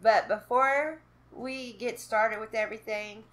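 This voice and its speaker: A woman's voice: a little high, steady tone, unhurried, a bit bright. A woman from Kentucky, chatting to camera in a casual unboxing vlog, nervous and giggly. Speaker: vlogger doing an unboxing.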